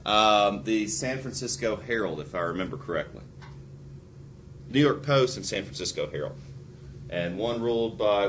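Male teacher, lively classroom lecture, sarcastic jokes, faint hiss. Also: medium pitch. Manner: animated, joking, sarcastic asides. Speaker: history teacher.

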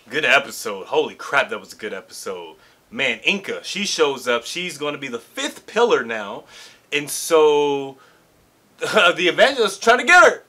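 A young man hosting an anime reaction, chatting casually in slang and breaking into excited shouts. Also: mid-range voice, normal speed, slight background noise.

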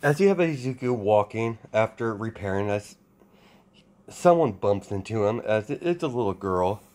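A man improvising fan-fiction narration in a casual, halting way, with many restarts and fillers. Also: on the low side, darkish tone. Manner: hesitant, full of restarts and fillers. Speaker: storyteller.

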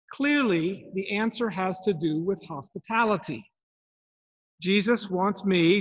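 Male preacher, unhurried, reflective questioning delivery; long reverb from the church. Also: high voice, a bit bright. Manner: reflective, asks many questions. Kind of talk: sermon.

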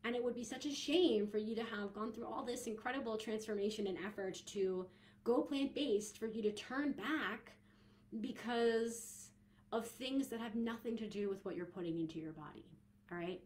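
A woman's voice: fairly high pitch, moderate pace, darkish tone. A young woman hosting a podcast, talking casually and chattily with frequent giggles, fillers and restarts. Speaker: podcast host and coach.

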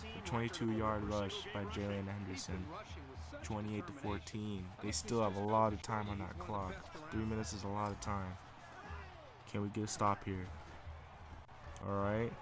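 A man's voice: on the low side, measured pace, pauses often, over music. A man commentating his own football video game, calling plays like a sportscaster. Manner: excitable, calls plays like a sportscaster. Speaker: gamer commentating his play. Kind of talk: casual play-by-play commentary.

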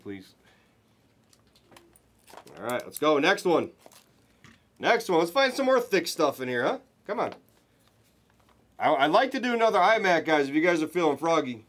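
A man hosting a live card break, calling out pulls to viewers with excited, hyped commentary and the odd swear. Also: a little high, a little slow, pauses often.

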